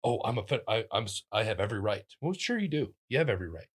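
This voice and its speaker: A male comedian tells stories in a relaxed interview, his fairly low voice leaping upward whenever he acts out someone he's quoting. He talks in quick restarts and fillers with lively energy. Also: slightly rough. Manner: animated, acts out quoted voices with big pitch jumps. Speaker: comedian guest. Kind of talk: casual interview storytelling.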